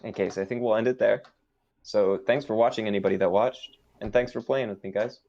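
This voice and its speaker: GM role: man running a tabletop game, halting explanations, muffled lo-fi stream sound. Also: fairly low pitch, fairly even intonation, a little mellow. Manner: hesitant, explaining rules. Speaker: game master. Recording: dull lo-fi stream audio.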